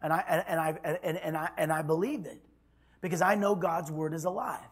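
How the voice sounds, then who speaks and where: A man preaching a sermon as pastor, telling a story and swinging from loud declarations to hushed tones. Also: on the high side, fairly quick, breathy edge.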